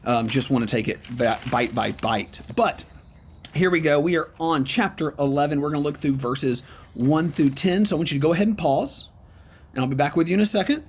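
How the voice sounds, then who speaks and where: Running an online Bible study, this man talks in an encouraging, conversational way, pausing often and saying um a lot. His voice is on the high side, and there is a little hiss or hum.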